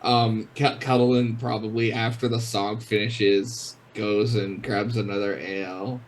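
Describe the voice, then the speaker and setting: Slow-talking stammering man gamer. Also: on the low side, flat delivery. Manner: stammering, laughing often. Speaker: tabletop game player. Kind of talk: casual chat.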